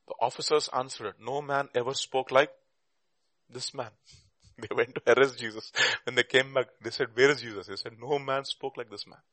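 A man preaching a sermon and teaching a Bible class, emphatic, with rhetorical questions and bursts of loud stress. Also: mid-range voice, fairly even intonation, moderate pace, no room sound.

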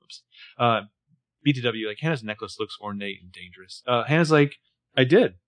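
A man's voice: mid-range voice, a little fast, fairly bright tone. A man co-hosting a casual recap podcast, narrating scenes with wry, joking asides. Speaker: podcast co-host recapping a TV episode. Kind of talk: casual chat.

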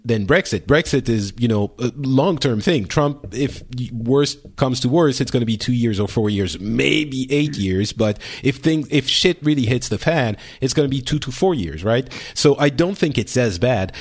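Earnest French-accented male podcast host. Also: mid-range voice. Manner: earnest, halting with fillers and restarts. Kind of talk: casual panel chat.

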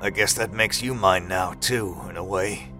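A man doing a low, menacing unhinged man. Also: over music, close to an everyday voice. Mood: eerie. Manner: low, slow, ominous muttering.

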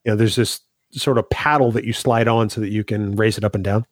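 A man's voice: lowish voice, fairly even intonation, a little fast, dry recording. Guy cohosting a podcast from his home studio, dry sarcastic ribbing, dead dry sound. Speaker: podcast co-host. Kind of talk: casual banter.

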